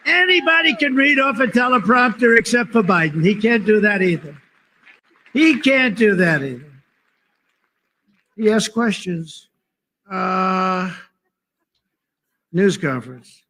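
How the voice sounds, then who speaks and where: A man's voice: high voice, animated, takes it slowly, long pauses, sharp tone, a little hiss or hum. A man giving a rambling, off-the-cuff political speech at a conference, full of sarcasm and digressions.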